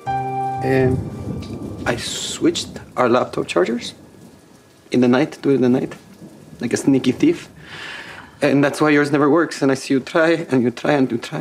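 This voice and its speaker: A man's voice: mid-range voice, vocal fry. A man playing a sweet, wide-eyed, earnest young man with a thick Spanish accent, in a sitcom clip. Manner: thick put-on accent, voice pushed up in tone. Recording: sitcom clip with music, rain and thunder.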